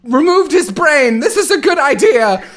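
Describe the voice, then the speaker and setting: A man voicing a smug, scheming immortal woman villain in a mocking, shrill, sing-song tone. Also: animated, normal speed, fairly bright tone.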